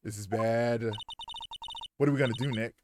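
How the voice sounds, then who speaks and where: A man voicing a worried young woman sidekick with soft, subdued reactions. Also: medium pitch, fairly even intonation, normal speed, noisy background, lightly acted.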